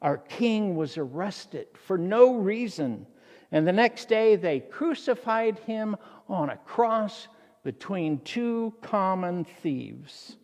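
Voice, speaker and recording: Pastor voicing earnest grieving disciple Cleopas. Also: male voice, high-pitched, animated, slow pace, darkish tone, in a large hall, heavily acted.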